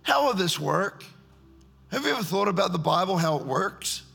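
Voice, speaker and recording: A man preaches a storytelling sermon and acts out scenes in character voices. His voice is gravelly and husky, with a bright edge. It echoes through a church hall. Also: high voice, very animated, moderate pace, soft background music.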